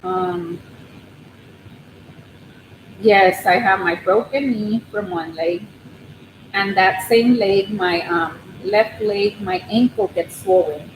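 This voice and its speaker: A nervous woman chats with her viewers from her living room, drifting through her thoughts with frequent ums and restarts. She speaks slowly on a phone mic, and the room gives her voice a roomy echo with a steady layer of background noise. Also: medium pitch. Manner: rambling and hesitant, many ums and restarts; nervous, soft-spoken. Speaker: crochet channel host on a livestream. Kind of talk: casual live chat with viewers.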